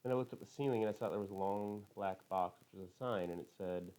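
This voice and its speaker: A man's voice: fairly low pitch, fast talker, hardly any pauses, mellow, poor audio. A man narrating an audiobook in first person, in a literal, matter-of-fact, detailed way.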